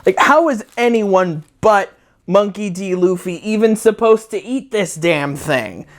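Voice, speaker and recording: At home with a dog, a man with a high, animated voice hosts a comedic review video. He speaks unhurriedly, ranting in a sarcastic, profane and rambling way.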